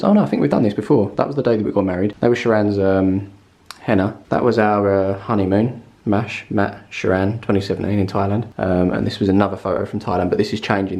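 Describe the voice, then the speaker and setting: A man's voice: medium pitch, darkish tone. A young man, chatting casually and upbeat to camera in a family vlog on a handheld camera. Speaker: family vlogger.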